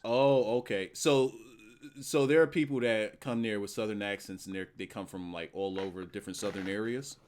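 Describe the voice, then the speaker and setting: A man in his forties from the northeastern US hosting a casual call, teasing his guests with a loud, profane manner. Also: on the low side, moderate pace, slight background noise. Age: 40s. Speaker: host. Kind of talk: casual chat on a stream.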